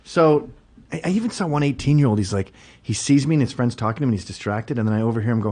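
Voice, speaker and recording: A man's voice: mid-range voice, fast talker. A man telling a rambling story in a casual chat, laughing and acting out the people in it. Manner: animated, laughing, acts out quotes loudly. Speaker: podcast guest.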